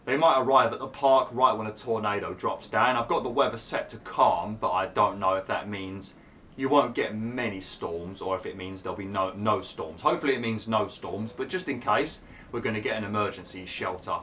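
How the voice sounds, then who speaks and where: A man hosting a gaming channel, explaining a park-building game step by step with lots of fillers while his voice is going hoarse. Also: on the low side, bright, forceful tone, a little hiss or hum. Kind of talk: casual gameplay commentary.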